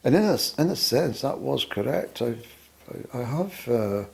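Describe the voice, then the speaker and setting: A man with a Scottish accent talks to camera at home in a wry, rambling monologue, pausing often with fillers. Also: medium pitch, sing-song, vocal fry. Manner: wry, musing, halting with many fillers. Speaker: vlogger.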